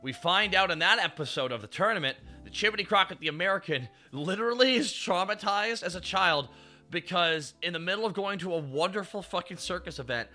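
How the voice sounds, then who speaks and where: A man streaming, chatting with his chat in an animated way, swearing and laughing often. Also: high-pitched, fairly quick, faint music behind. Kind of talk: casual chat.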